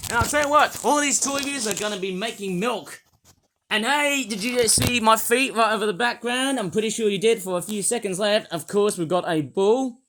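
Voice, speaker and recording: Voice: medium pitch, fairly bright tone. A vlogger reviewing toys in a rambling, jokey, self-mocking way. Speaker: toy reviewer. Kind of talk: casual vlog.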